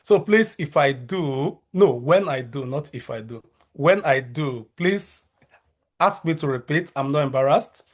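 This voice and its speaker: Slow-speaking Nigerian man, careful and measured. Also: fairly high pitch, lively intonation. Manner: measured, careful delivery with frequent fillers and restarts. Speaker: researcher and university lecturer. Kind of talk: conference talk over video call. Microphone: video call.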